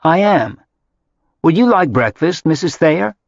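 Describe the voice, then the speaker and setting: Man voicing a polite kind woman chef, raised high voice, dry slightly dull audiobook sound. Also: expressive, moderate pace, darkish tone, no room sound.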